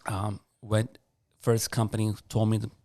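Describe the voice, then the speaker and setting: A man, a podcast guest, telling a personal story in an earnest, animated way and acting out past conversations. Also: fairly low pitch, unhurried, no room sound. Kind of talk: personal story in a casual interview.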